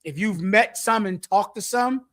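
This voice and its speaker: A man preaching through scripture verse by verse, repeating his points forcefully and acting out an addict's pleading. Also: high voice, a little slow, no echo, clean studio sound. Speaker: teacher leading a scripture breakdown.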